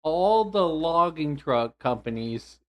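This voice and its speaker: A man chatting casually on a podcast, laid-back and slow to find his words. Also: a little high, animated, fairly bright tone. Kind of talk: casual chat.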